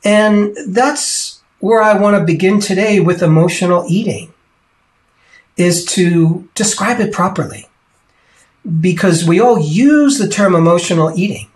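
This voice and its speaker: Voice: mid-range voice, a little slow. A coach giving an earnest teaching talk, stressing and repeating key points to the listener.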